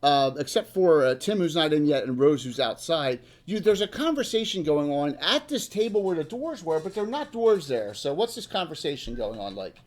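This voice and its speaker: A man running a tabletop game as dungeon master, halting and full of ums. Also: on the high side, big pitch swings.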